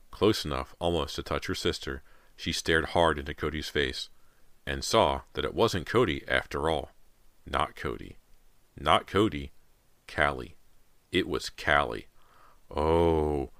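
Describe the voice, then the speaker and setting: Very deep-voiced man narrating horror. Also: bright, forceful tone, no echo. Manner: suspenseful, dramatic reading. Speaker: audiobook narrator. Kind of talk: dramatic audiobook narration.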